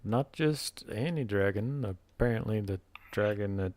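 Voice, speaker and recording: A man playing a tabletop role-playing game over voice chat, making quick offhand remarks. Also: lowish voice, a little mellow, no echo. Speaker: player. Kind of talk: casual tabletop game talk. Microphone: voice chat mic.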